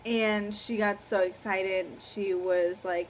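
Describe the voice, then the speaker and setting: A woman's voice: medium pitch, fairly even intonation, slow, a little hiss or hum, rough recording. A woman in her twenties telling a personal story to camera in a casual, rambling way, full of fillers and a little awkward. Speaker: vlogger.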